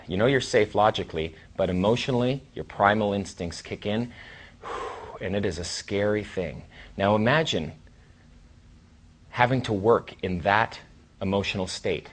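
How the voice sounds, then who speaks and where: A man in his thirties giving a casual, rambling seminar talk as a trainer, with sighs and long pauses. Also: lowish voice. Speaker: dating coach and trainer.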